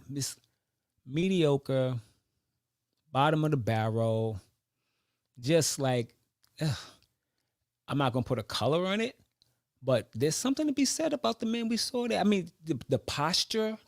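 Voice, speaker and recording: A man with a slightly raised pitch talks through his thoughts in an unscripted monologue. He pauses, restarts and circles back as he reasons aloud. The sound is dry and close. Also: no echo. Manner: reflective, searching, with many restarts. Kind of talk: personal monologue.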